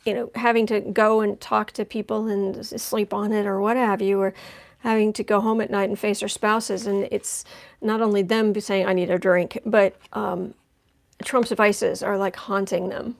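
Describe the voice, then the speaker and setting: A woman's voice: medium pitch, level tone, normal speed, creaky. A woman giving a chatty live-stream tarot reading, making wry asides as she lays out cards. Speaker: tarot reader.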